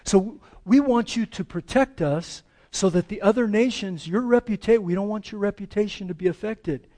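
American pastor guy preaching, pretty high voice, gets loud then drops way down soft and slow. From United States. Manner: dramatic, acts out quoted voices, swings between loud pleading and hushed slow reading. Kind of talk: sermon. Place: church sanctuary.

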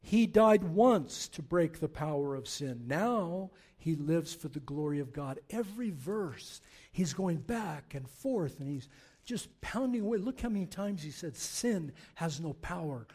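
Male pastor, higher-pitched voice, animated sermon delivery with scripture reading. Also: a little slow, breathy edge. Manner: animated preaching, reading scripture aloud, rising to forceful exhortation.

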